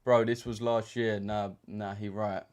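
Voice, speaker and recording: A man's voice: fairly low pitch, little pitch movement, measured pace, a little mellow, clear, resonant tone. A young man chatting casually on a livestream as a trading streamer, bantering in slang with lots of fillers. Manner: laid-back slangy banter with frequent fillers.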